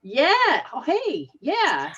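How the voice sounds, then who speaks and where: Slow-talking lady doing a psychic reading on a call-in show, lowish voice, kinda muffled lo-fi sound. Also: huge pitch swings, a bit bright. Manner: slow, halting, laughs often. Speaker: psychic reader, show host. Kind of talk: live call-in spiritual reading.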